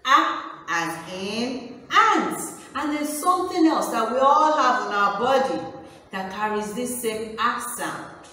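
A woman teaching a phonics lesson to small children, speaking in a slow, exaggerated, sing-song, encouraging way. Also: a little high, expressive, sharp tone, a little hiss or hum. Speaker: pre-nursery teacher. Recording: echoey room from far off.

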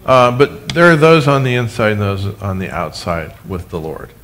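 A man preaching a sermon as pastor, animated, with humorous asides, speaking to his congregation and online viewers. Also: lowish voice, normal speed, slight background noise. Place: church sanctuary, recorded for live stream.

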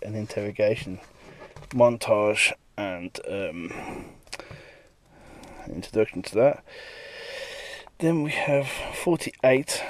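A comic artist talking casually through pages he has drawn, lively, now and then slipping into quick character voices. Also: fairly low pitch. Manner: lively, breaks into brief character voices while retelling scenes. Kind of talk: casual walkthrough of his own work.

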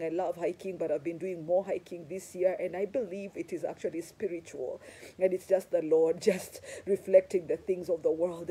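A middle-aged woman preaching a sermon with personal stories, moving between impassioned loud emphasis and quiet earnest talk. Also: fairly low pitch, breathy edge. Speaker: apostle preaching.

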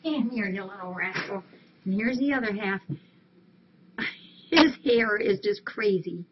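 On a casual live stream from a cat rescue, a woman with a mid-range voice coos affectionately at the cats at a measured pace. The stream audio is dull, muffled, and lo-fi, with a faint hiss.

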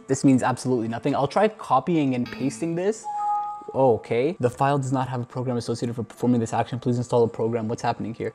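A male YouTuber sits indoors at a computer, reacting on camera to found footage as he goes through videos, gasping and exclaiming nervously. His mid-range voice is a little mellow and moves at a quick pace, with soft music in the background.

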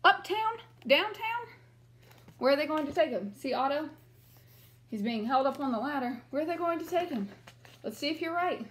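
High-voiced woman teacher reading to kids. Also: fairly quick. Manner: questioning, encouraging. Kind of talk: reading a picture book aloud to children.

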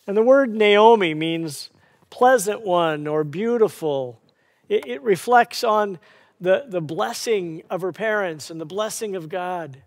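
Male pastor, high voice, storytelling sermon with rhetorical questions. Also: measured pace, in a large hall.

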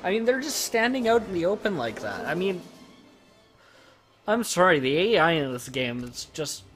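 A man giving jokey gameplay commentary, swinging from loud excited outbursts to quiet muttering. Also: high-pitched, normal speed, faint music behind. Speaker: let's play gamer.

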